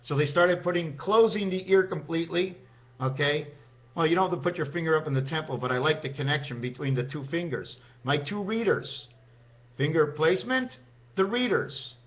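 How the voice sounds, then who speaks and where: A man's voice: fairly high pitch, moderate pace. A man talking in a meandering vlog monologue, counting out numbers and speaking directly to his viewers. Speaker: vlogger. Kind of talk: rambling numerology monologue to camera. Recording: dull lo-fi sound.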